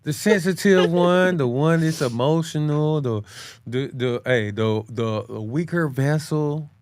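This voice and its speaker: A man co-hosting a casual chat, talking in slang, calling his listener bro, and jumping up in pitch to press his points. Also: unhurried, smooth, no echo. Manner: animated, swings his pitch high when making a point. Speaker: podcast co-host.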